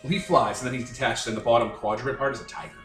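A man narrating a tabletop game as game master, loose and profane, quick to laugh. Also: mid-range voice, steady tone. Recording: roomy recording, faint music.

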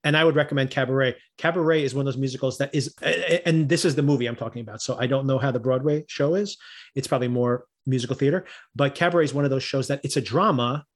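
A man's voice: mid-range voice, quick pace. A man co-hosting a podcast, recapping a TV episode in casual chat, rambling with restarts and frequent laughter. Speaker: podcast co-host.

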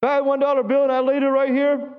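High-voiced pastor preaching in a big hall. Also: male voice, completely flat delivery, fast. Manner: conversational preaching, asks the congregation questions. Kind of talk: sermon. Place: church sanctuary. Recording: dull lo-fi sound with long hall reverb.

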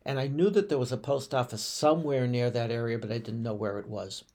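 A man, a rabbi, recalls personal stories for a podcast. His mid-pitched voice has a gravelly edge. He speaks reflectively and often restarts his sentences. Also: steady tone, darkish tone. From United States. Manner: reflective, unhurried, with frequent restarts and fillers.

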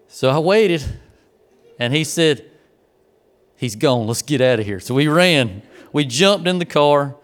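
A man's voice: medium pitch, unhurried. A man preaching a sermon, telling a folksy personal story before turning to the lesson. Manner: folksy storyteller, grows excited and laughing in the funny parts.

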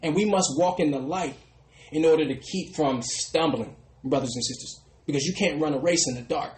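A man preaching a sermon who often trails off into a soft "brothers and sisters". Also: a little high, moderate pace, roomy sound, rough recording. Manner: ends phrases with a dropping, quiet "brothers and sisters". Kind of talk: street sermon.

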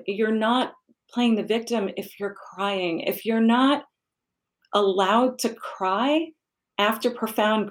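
A woman speaks with candor and emphasis as she shares a personal story of loss in a casual talk. Her voice sits in a middle range. She stresses key points firmly. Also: mid-range voice. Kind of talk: casual conversation about grief.

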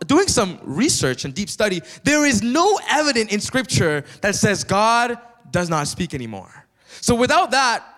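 A man preaching a sermon in church with lively energy, often turning to the congregation with questions. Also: high voice. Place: church sanctuary. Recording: long reverb of a church hall.

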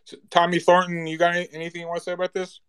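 Sex: man. Role: host of a casual panel chat. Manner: blunt, repeats words when worked up. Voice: slightly high, dry and close. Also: monotone, racing, a bit bright, clean tone, no echo.

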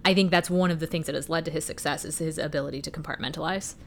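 A woman with a fairly low voice co-hosts a casual movie chat, animated and quick to swear and laugh. A faint hum of background noise sits under her voice. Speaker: podcast co-host.

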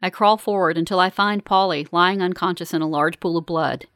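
A woman reading a first-person story aloud in a calm, measured, earnest way. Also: lowish voice, smooth, dry recording, clean studio sound. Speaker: narrator. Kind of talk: first-person audiobook narration.

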